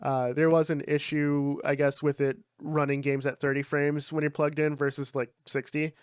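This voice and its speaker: A young man with a slightly high, smooth voice, recorded dry on a close mic. He chats casually on a podcast, relaxed and loose, dropping swear words and plenty of fillers. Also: normal speed, no room sound. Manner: laid-back, swears freely, lots of fillers. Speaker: podcast co-host. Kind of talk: casual chat.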